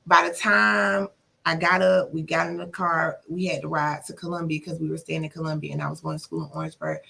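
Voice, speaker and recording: A woman's voice: low-pitched, flat delivery, a little fast, vocal fry, sharp tone, breathy edge. A woman guest on a podcast, retelling a painful experience from her past. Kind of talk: personal storytelling.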